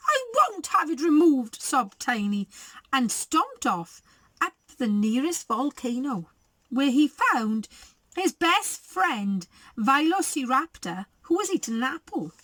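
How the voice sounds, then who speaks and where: A woman teacher reading a picture book aloud to little children, high-pitched and bouncing all over her range. She speaks slowly and chats warmly to her class between pages. The sound is close and dry. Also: dry recording. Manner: animated, coaxing and chatty with children. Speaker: primary school teacher. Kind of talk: storybook read-aloud for young children.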